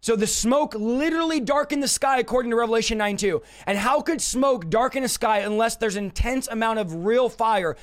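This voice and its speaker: A male preacher with a very high voice, delivering a sermon with urgent intensity. He tells vivid stories and acts out desperate pleas along the way. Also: a little fast, hardly any pauses.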